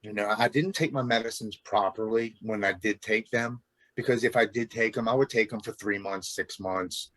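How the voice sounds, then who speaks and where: A man's voice: fairly low pitch, normal speed, a bit bright, dry recording. A man in his forties telling his own recovery story as a guest, earnest and emotional. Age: 40s.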